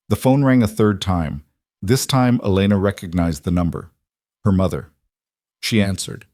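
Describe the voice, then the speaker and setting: A man reading a scripted drama story in an even, plain way. His voice is fairly low and the recording is dry and close. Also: normal speed, dry recording. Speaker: narrator.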